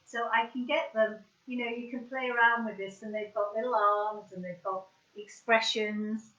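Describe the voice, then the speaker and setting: A woman's voice: a little high, steady tone, normal speed, bright, forceful tone, highs cut off. A woman hosting an online craft session, chatting casually and rambling through her demonstration. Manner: chatty, rambling, often restarts. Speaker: craft workshop host. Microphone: video call webcam.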